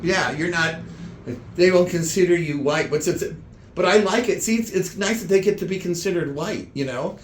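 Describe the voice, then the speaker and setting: Slightly high-voiced guy rambling through a comedy bit, lots of restarts, roomy echo, faint hum behind. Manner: meandering, halting delivery with many restarts.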